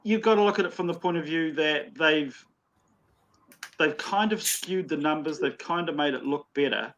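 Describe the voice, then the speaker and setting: A man's voice: on the high side, normal speed, a bit bright, highs cut off. A man, a comic store owner talking as a guest in a casual, matter-of-fact way. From New Zealand. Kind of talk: casual chat.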